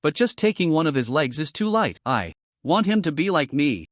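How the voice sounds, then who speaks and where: A man's voice: a little high, sing-song, moderate pace, no room sound, clean studio sound. A man voicing a male skeleton in pain, whiny and desperate, for a story recap. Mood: fierce. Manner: whiny, pained.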